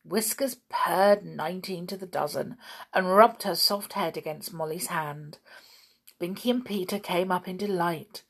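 A woman reads a children's storybook aloud, gentle and expressive. Her voice is lowish and gravelly, with a slow, unhurried pace.

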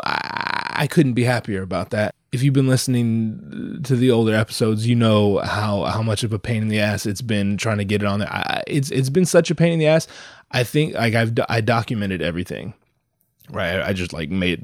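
A man's voice: on the low side, moderate pace, no echo, studio quality. A young man hosting his own podcast alone, talking in a rambling, profane, self-mocking way while he is sick and sounds a bit nasal. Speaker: solo podcast host. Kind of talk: rambling casual monologue. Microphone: headphones and microphone.

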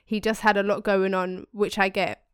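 A young woman co-hosting a podcast, reading a listener's email with slangy, animated asides. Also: mid-range voice, normal speed, smooth, dry recording, studio quality. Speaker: podcast co-host. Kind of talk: casual chat, reading a listener email aloud.

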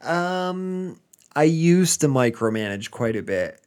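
A man's voice: fairly high pitch, sing-song, moderate pace, a little mellow. A man from the United States co-hosting a casual podcast chat, hesitant, with frequent ums and restarts. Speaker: podcast co-host.

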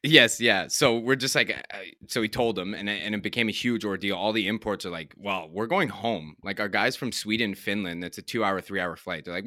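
A man's voice: lowish voice, a little fast, hardly any pauses, bright, forceful tone, dry recording, clean studio sound. A young man, a pro hockey player, telling stories in a laid-back, profane way on a podcast and laughing as he goes. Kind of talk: casual storytelling chat.

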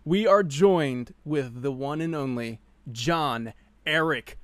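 A man's voice: on the high side, slow pace, no room sound. A man hosting a live podcast in casual chat, hyped and laughing often, restarting his sentences. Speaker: podcast host.

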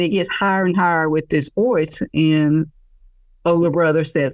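Expressive woman telling a traditional tale. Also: sits low, normal speed, no echo, far from the mic. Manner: warm and expressive, laughs along with the tale. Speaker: storyteller. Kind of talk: traditional oral storytelling.

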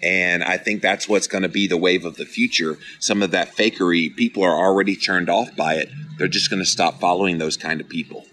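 A man's voice: low-pitched, fairly even intonation, a little fast, hardly any pauses, sharp tone, low-quality recording. A middle-aged man hosting a podcast, talking casually and earnestly as he encourages listeners and reads out their comments. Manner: earnest, encouraging, playfully dramatic. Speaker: podcast host reading live comments. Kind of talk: casual motivational talk.

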